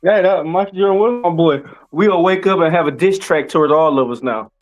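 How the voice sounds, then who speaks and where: High-voiced laughing podcast man. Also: fairly quick. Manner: laid-back, laughing banter. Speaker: podcast co-host. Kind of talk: casual wrestling chat.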